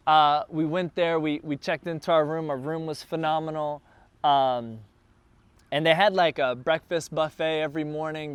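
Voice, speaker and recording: A man who is a church planter, telling a casual, animated story to a group gathered in a backyard. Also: fairly high pitch, smooth, no room sound. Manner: animated, builds excitement as the story goes on. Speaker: church planter addressing his launch team.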